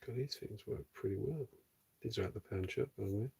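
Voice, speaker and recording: A man chats softly to his viewers during a casual livestream. His voice sits low, with gravelly fry and a husky edge. He keeps his tone easygoing and close to a whisper as he works on a model. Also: brisk. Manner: soft-spoken, chatting with viewers while painting. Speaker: streamer and miniature sculptor.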